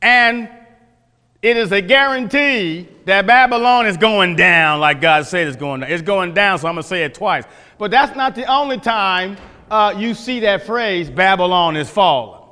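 A man's voice: sits high, lively intonation, moderate pace, bright, forceful tone, clean tone. A man teaching a Bible class, folksy, questioning his listeners, often restarting his sentences. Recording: echoey hall.

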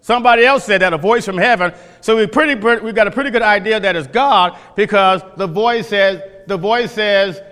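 A male pastor preaching with an emphatic, questioning style, repeating key phrases. His voice is high and bright. The sound carries a long reverb from a church hall. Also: fairly quick, hardly any pauses. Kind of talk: sermon teaching from scripture.

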